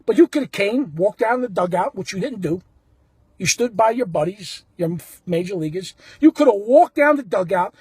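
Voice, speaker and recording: A man recounts a story in a blunt, casual way. His voice is husky, and his pitch swings widely as he acts out each exchange. The sound is dry and close. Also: moderate pace, no echo. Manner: animated, blunt, acts out the quotes. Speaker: baseball fan telling a story.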